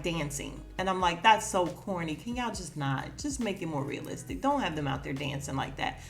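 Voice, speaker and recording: A woman's voice: lowish voice, fairly bright tone. A woman hosting a podcast, recapping an episode in a casual, chatty way, laughing and acting out the characters' lines. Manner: chatty, laughs often, acts out quotes. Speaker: podcast host.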